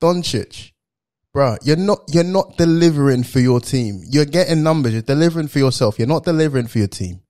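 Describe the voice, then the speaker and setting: A man's voice: fairly high pitch, animated, brisk, a little mellow. A man hosting a casual sports panel podcast, upbeat, teasing, and often laughing. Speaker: podcast host.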